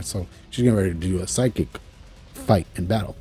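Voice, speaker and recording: A show reviewer with a deep, warm, slightly rough voice briskly recaps a cartoon episode in a loose, chatty way. He retells scenes and acts out lines over soft background music.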